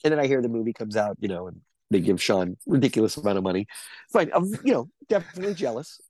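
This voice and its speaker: A man's voice: medium pitch, expressive, fast talker, a little mellow, no room sound. A middle-aged man, an actor guest, telling rambling anecdotes with lots of fillers and restarts in a casual interview chat.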